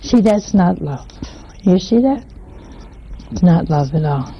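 A woman preaching to an audience in a chatty, teasing way, often pausing to ask her listeners rhetorical questions. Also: on the low side, lively intonation, vocal fry, muffled recording, a little hiss or hum. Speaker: religious teacher. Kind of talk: homespun sermon to an audience.

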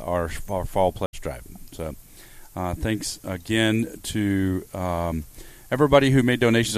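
A man's voice: low-pitched, smooth, no echo. A man hosting a radio pledge drive, thanking donors in a rambling way full of uhs. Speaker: radio host.

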